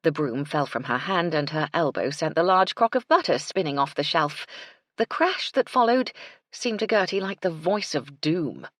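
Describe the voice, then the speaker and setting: A woman narrating an audiobook in a measured, expressive reading on a close mic. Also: low-pitched, dry recording. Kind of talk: scripted narration.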